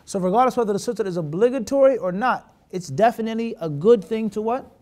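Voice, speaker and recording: A high-pitched male teacher with lively intonation and a darkish tone talks fast through a hadith lesson. He blends Arabic vocabulary with English and regularly checks comprehension by throwing rhetorical questions at his students.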